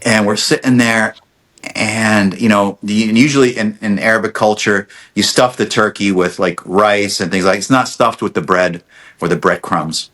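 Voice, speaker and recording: A man's voice: fairly low pitch, normal speed. A middle-aged man casually telling a family story on a podcast, acting out quotes with lots of restarts. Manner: animated storyteller, acts out quotes, many restarts. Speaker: podcast guest, dentist.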